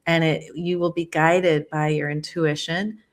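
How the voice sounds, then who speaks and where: A woman's voice: low voice, little pitch movement, unhurried. A woman author speaking as a podcast guest, earnest and enthusiastic, telling a personal story in a reflective, conversational way. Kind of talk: conversational interview.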